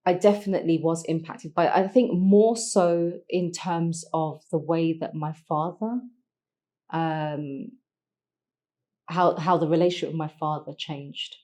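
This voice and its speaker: A middle-aged woman, a podcast guest telling a personal story in a reflective, halting way, with many pauses and restarts. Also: deep voice, steady tone, mellow. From London, England.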